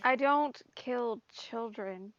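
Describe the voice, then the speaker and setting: Slow teasing woman player. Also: a little high, muffled recording. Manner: teasing, giggly. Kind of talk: casual tabletop play.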